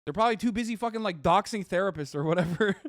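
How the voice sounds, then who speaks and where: High-voiced man ranting on a stream. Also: animated, a little fast, no room sound, studio quality. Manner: profane, heated ranting to chat. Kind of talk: livestream reaction commentary.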